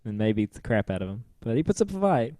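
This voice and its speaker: A man co-hosting a podcast in casual chat, relaxed, laughing along and mock-quoting people. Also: mid-range voice, fast talker, no room sound. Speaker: podcast co-host.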